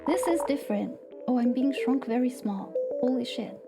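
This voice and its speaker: A woman streaming a game live, chatting playfully with viewers and slipping into soft whispered asides. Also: on the high side, normal speed, gravelly. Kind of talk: casual live-stream chat. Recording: game music playing behind the voice.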